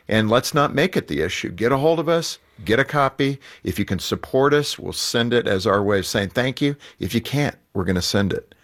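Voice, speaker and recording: A man's voice: mid-range voice, lively intonation, a little fast, few pauses. A man hosting a Christian radio talk show, earnestly encouraging listeners to pray and get in touch.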